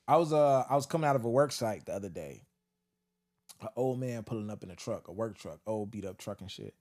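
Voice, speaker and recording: Telling stories on a casual podcast, this male co-host acts out quotes and laughs frequently. His pitch is fairly low and his tone darkish, with lively intonation and a slightly fast pace.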